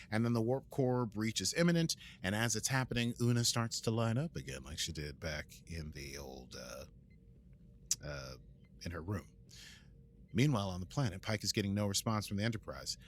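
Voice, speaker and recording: A man's voice: medium pitch, a bit bright. An American man co-hosting a podcast, recapping an episode in a rambling, jokey way with many fillers and restarts. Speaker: podcast co-host.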